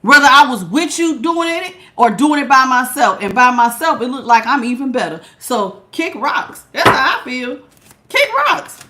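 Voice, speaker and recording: A high, bright-voiced woman delivers a tarot reading in a sassy, emphatic, slangy way. Her tone is lively and sharp, and she talks with punchy attitude. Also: a little fast, few pauses, a little hiss or hum. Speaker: tarot reader. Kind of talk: casual tarot reading monologue.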